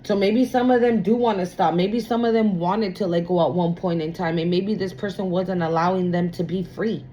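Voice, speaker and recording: A woman's voice: on the low side, fairly even intonation, normal speed, few pauses, dark tone, muffled recording, slight background noise. A woman giving a casual tarot reading. She talks in a blunt, profane, emphatic way and often repeats herself. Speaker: tarot reader.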